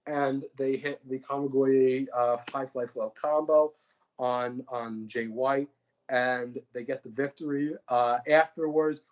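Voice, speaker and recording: A man's voice: medium pitch, lo-fi sound. A young man, a podcast co-host, casually recapping fantasy-booked wrestling matches, rambling and joking with lots of fillers.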